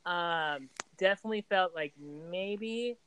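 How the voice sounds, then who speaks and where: A man's voice: high-pitched, slow, sharp tone, smooth, low-quality recording. A young man co-hosting a casual podcast, telling rambling stories full of fillers. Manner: rambling storyteller, many "like" fillers. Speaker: podcast co-host. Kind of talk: casual chat.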